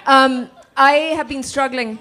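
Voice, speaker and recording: A woman's voice: high voice, little pitch movement, a little slow, pushed and bright. Woman from Zimbabwe, guest author; wry, self-mocking storyteller taking audience questions. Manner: humorous, self-deprecating storyteller. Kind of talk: casual conversation with an audience.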